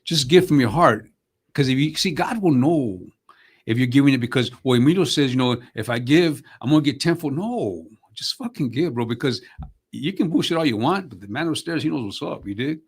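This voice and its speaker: Gravelly fast-talking older man, streetwise. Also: medium pitch, animated. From United States. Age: 60s. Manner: streetwise, swears freely, peppers lines with "bro" and "man". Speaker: actor and comedian guest. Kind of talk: casual interview storytelling.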